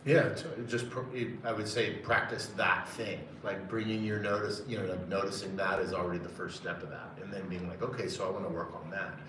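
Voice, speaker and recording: A man's voice: lowish voice, steady tone, fairly quick, hardly any pauses, far from the mic, noisy background. A man teaching a live music lesson in a casual, hesitant way, often counting beats aloud. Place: conference center room. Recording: roomy sound from off-mic with loud music.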